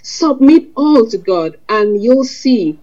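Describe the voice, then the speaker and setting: A woman with a fairly high voice preaches a sermon, earnest and conversational, weaving scripture quotes into plain talk to her congregation. The recording is dull and lo-fi. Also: animated, slow, mellow. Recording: lo-fi dull sound.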